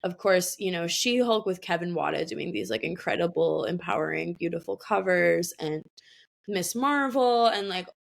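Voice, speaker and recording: Podcast guest: woman in her 20s, low-set voice, animated casual storyteller. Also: normal speed, gravelly. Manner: chatty, animated, many fillers and laughs. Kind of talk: casual chat.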